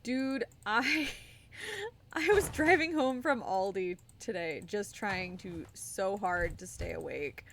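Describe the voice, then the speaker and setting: A woman's voice: mid-range voice, expressive, slow pace, fairly bright tone, a little hiss or hum. A young woman streamer chatting casually with her viewers, giggly and a bit tired. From United States. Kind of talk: casual live-stream chat.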